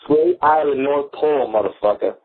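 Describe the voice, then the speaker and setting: A man's voice: on the high side, normal speed. A man being interviewed as a guest comedian, telling jokey stories and laughing at them. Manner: joking, laughs at his own stories. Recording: tinny phone-like radio audio.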